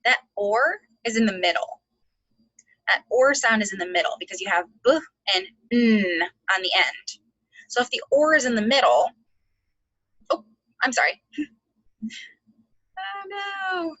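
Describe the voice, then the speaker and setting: A woman teaching an online phonics lesson to second graders, sounding out letters slowly and encouraging the class. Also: mid-range voice, animated, fairly bright tone, no room sound, dull audio.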